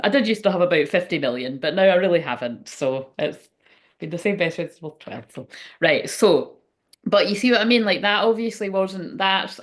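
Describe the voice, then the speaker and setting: A woman hosting a psychic livestream from home, chatting loosely and emotionally, swearing often and trailing off mid-sentence. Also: lowish voice. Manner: rambling, emotional, swears freely, frequent laughs. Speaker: psychic medium livestream host. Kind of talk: casual livestream chat.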